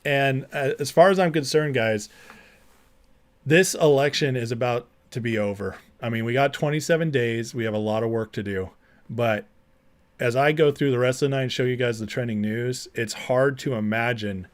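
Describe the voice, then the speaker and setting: At a moderate pace and medium pitch, a man on a livestream reads chat aloud and ridicules clips, staying chatty and laughing frequently.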